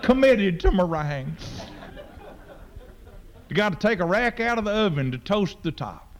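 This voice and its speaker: A man, a preacher telling a humorous story with folksy, deadpan exaggeration. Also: high-pitched, fast, a little hiss or hum.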